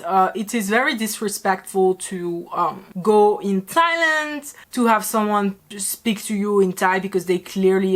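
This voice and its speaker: A woman's voice: medium pitch, a bit bright. A woman from France with a French accent, giving candid, picky reaction commentary on a show and swearing casually. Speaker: YouTuber reviewing a show's French. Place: home in Paris.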